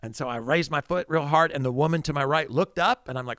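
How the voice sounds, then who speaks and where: A middle-aged pastor tells a story from the pulpit, voicing his own thoughts as he goes. His voice has a gravelly edge. The sound is dry and close, with no room around it. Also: fairly high pitch, fast, few pauses, a bit bright, no echo. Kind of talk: storytelling sermon.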